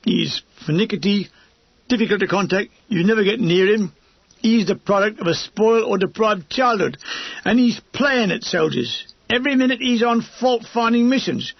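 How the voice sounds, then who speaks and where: A man's voice: high-pitched, animated, moderate pace, dry recording, dull audio. Man reading a complaining young soldier. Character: grousing young British soldier, fed up.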